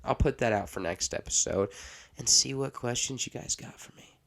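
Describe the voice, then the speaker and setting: A man's voice: mid-range voice, normal speed, creaky, fairly bright tone. A man hosting a solo podcast, talking in a rambling, exasperated way. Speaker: podcast host.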